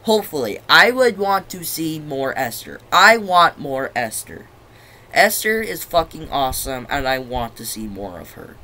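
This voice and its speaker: A man's voice: fairly high pitch, sing-song, unhurried, pushed and bright. A young man giving a casual, rambling spoken review, swearing freely and losing his train of thought. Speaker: movie reviewer.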